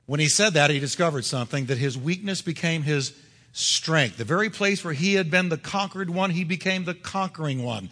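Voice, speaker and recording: A male pastor preaching in a high, bright, ringing voice, pressing each point with emphatic force. His words carry a long reverb from a large church hall. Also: normal speed. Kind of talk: sermon.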